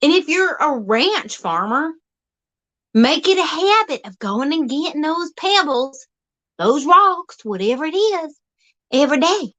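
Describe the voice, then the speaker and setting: A woman with a high voice delivers a playful, rambling monologue to her viewers. Her pitch leaps around in folksy, teasing bursts, yet she takes her time over each phrase. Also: big pitch swings, measured pace, pushed and bright. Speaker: vlog host. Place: outdoors.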